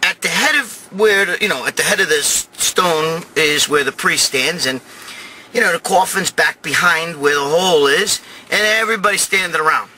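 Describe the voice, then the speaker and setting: Host, middle-aged New York Italian guy, crude rambling storyteller, high bright voice. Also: normal speed, a little hiss or hum, poor audio. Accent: New York Italian-American. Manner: profane, rambling, swings to loud shouting. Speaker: show host telling a story. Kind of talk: crude comic storytelling monologue.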